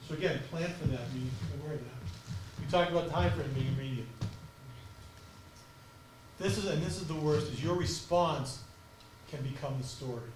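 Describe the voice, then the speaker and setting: A man giving a conference talk on crisis communications, speaking fast and passionately. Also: fairly high pitch, background noise. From United States. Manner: fast, passionate, animated delivery. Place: auditorium. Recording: echoey auditorium from far off.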